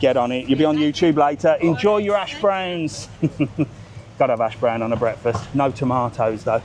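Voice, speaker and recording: A man's voice: mid-range voice, moderate pace, a little mellow. A man walking a street on a live stream, ranting bluntly and joking with passers-by. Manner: blunt, sweary, joking, ranty. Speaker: vlogger and tour seller. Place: outdoor seafront street.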